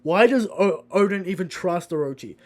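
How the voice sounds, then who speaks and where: High-voiced man hosting a podcast. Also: animated, normal speed, darkish tone. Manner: mock-solemn, playful, runs the segments. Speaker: podcast host. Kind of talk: casual live podcast chat.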